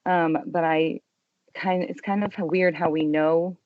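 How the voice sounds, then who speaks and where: A young adult woman telling her story as a podcast guest, earnest and emotional, dropping to a hush when quoting herself. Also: sits low, steady tone, slow, no echo, highs cut off. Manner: earnest, emotional retelling with quiet hushed quotes. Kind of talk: personal testimony in an interview.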